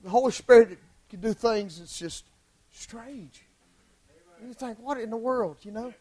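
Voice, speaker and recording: A male preacher delivering an impassioned sermon in church, swinging from hushed lines to shouted ones. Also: very high-pitched, unhurried, poor audio.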